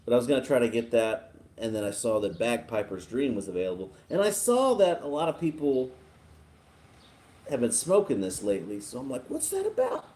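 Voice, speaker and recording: A man from Texas hosting a casual livestream, chatting in a relaxed, chuckling, rambling way as he reads viewer comments. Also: medium pitch, a little fast. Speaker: livestream host. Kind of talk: casual live chat reading viewer comments.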